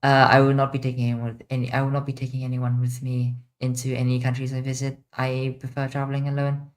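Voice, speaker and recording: Streamer, casual livestream Q&A, chatty and off the cuff, mid-pitched voice. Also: completely flat delivery, fast. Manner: chatty, answers chat questions off the cuff.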